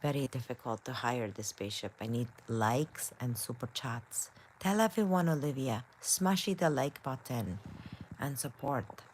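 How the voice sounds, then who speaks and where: A woman's voice: extremely low pitch, expressive, unhurried, a little mellow, a little hiss or hum. A woman hosting a live stream in a playful, chatty way, reading viewer comments aloud and peppering her talk with "like" and "you know". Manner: frequent "like" and "you know" fillers. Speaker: livestream host. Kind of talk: casual live-stream chat.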